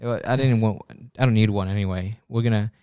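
A man's voice: lowish voice, fairly quick, warm tone, clear, resonant tone, no echo, studio quality. A man co-hosting a casual podcast, rambling and joking at his own expense, often restarting his sentences. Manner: rambling, self-mocking humor with frequent restarts. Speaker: podcast co-host.

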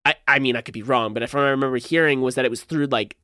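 A man's voice: mid-range voice, racing, sharp tone, dry recording, clean studio sound. A man co-hosting a podcast, chatting casually and rambling with lots of fillers. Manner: loose, rambling, heavy on fillers. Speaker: podcast co-host. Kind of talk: casual chat.

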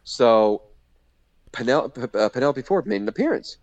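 A man's voice: medium pitch, sing-song, moderate pace, a little mellow, dry recording. A man telling a long casual story as a podcast guest, rambling with lots of fillers and restarts. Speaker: podcast guest, former indie wrestler. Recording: slightly muffled lo-fi audio.

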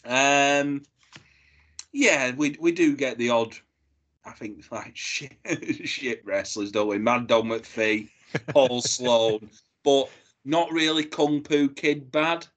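A man co-hosting a podcast, jokey and halting, often restarting his sentences. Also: mid-range voice, fairly bright tone. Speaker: podcast co-host. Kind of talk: casual review chat.

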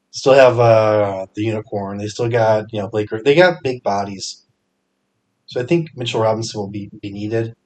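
A young man hosting a fantasy sports podcast, talking casually with energetic bursts and frequent fillers. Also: mid-range voice. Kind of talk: casual solo podcast picks.

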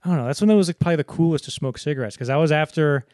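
A man co-hosting a film podcast in casual chat, rambling and acting out movie lines in quick put-on voices. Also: fairly high pitch, darkish tone, no room sound, clean studio sound. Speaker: podcast co-host.

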